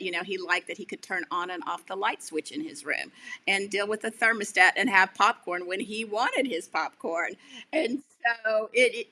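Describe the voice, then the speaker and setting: A woman guest on a podcast interview, telling chatty stories and acting out the people she quotes with big jumps in pitch. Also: bright, forceful tone. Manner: chatty, self-correcting, many fillers. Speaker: guest, accessibility advocate. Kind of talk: animated storytelling in a podcast interview.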